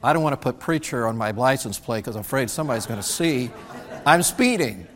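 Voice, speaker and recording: A man's voice: mid-range voice, brisk, some chatter behind. A man preaching a sermon as pastor, telling folksy stories and acting out other people's lines, originally from Indiana. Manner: folksy storytelling with animated quoted voices. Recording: church sanctuary with long reverb.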